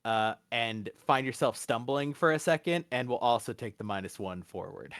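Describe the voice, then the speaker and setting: A man narrating as game master, relaxed, with frequent fillers and easy laughs. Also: medium pitch, moderate pace, no echo, studio quality.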